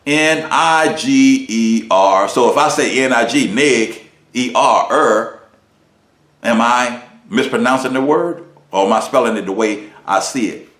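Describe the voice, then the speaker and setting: Man, minister preaching a lesson, emphatic, rhetorical questions, mid-pitched voice, roomy echo. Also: measured pace, fairly bright tone.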